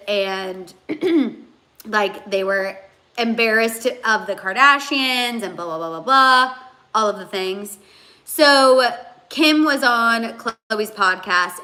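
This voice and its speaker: A woman's voice: mid-range voice, sharp tone. A woman hosting a casual livestream, chatting and rambling with many fillers as she reads out comments, emotional and teary. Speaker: host.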